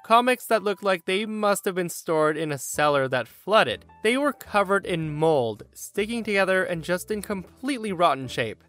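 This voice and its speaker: A man hosting a podcast, reading a story aloud in a playful, animated way. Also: high-pitched. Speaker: podcast host.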